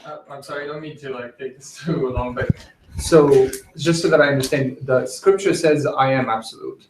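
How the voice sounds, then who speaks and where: A man's voice: mid-range voice, fairly even intonation, normal speed, roomy sound, noisy background. A man in a class asking a question, hesitant and apologetic.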